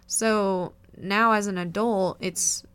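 A woman's voice: medium pitch, steady tone, slow, fairly bright tone, clear, resonant tone. A woman co-hosting a podcast in casual chat, chatty and emotional, laughing often. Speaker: podcast co-host.

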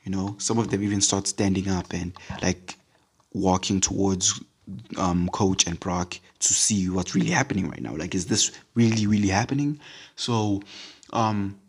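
A man's voice: low-pitched, slightly rough. A man giving a casual devotional talk to Christians, rambling and repeating words with lots of fillers. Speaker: podcast speaker.

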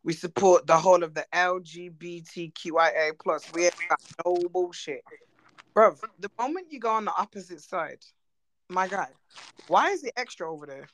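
A woman's voice: lowish voice, expressive, normal speed, poor audio. A woman co-hosting a podcast, talking bluntly and animatedly and swearing freely. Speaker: podcast co-host. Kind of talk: casual chat.

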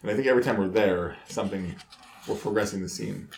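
A man hosting a casual firefighter podcast, talking in a relaxed, rambling way with chuckles. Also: on the low side, fast talker, vocal fry, reverberant, a little hiss or hum. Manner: relaxed, rambling, laughs between words. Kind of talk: casual chat.

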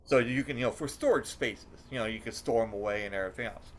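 A man's voice: medium pitch, fast. Profane rambling male podcast host. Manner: rambling, profane, animated when telling stories. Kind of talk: casual storytelling chat.

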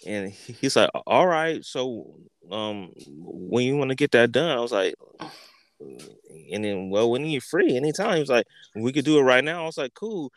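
A man tells a rambling story on his podcast, swearing freely and slipping into the voices of the people in it. His voice is smooth and clear, and the recording is dry and close. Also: mid-range voice, moderate pace, no room sound. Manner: animated, profane, acts out quotes. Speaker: podcast host. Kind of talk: casual storytelling.

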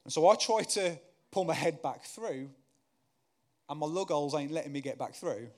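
A man, a guest preacher telling a story in his sermon, getting louder and higher as the tension builds and softer when he prays. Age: 30s. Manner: animated storyteller, grows loud and high when excited, softer and slower in prayer.

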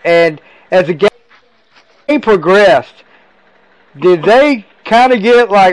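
A man's voice: high voice, expressive, slow, smooth, dry recording, poor audio. Enthusiastic man hosting a sports interview. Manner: enthusiastic, affirming listener. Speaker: sports talk show host.

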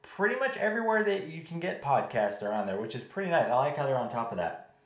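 Lisping man with a stutter, lively voice. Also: medium pitch. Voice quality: stutter and lisp. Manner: talks fast, mispronounces words. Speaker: podcast host. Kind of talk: casual chat. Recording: echoey room.

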